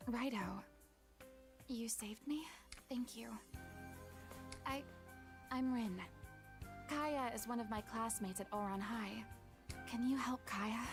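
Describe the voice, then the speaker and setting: An earnest teenage schoolgirl from a video game, slightly high and anxious. Music plays clearly behind her. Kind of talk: game voice acting. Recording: game audio over music.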